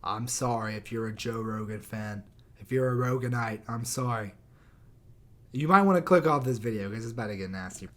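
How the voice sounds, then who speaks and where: A man's voice: mid-range voice, fairly bright tone. Heated, cursing young guy ranting. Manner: swears a lot, heated and sarcastic. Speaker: YouTuber. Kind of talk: profane rant. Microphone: new microphone.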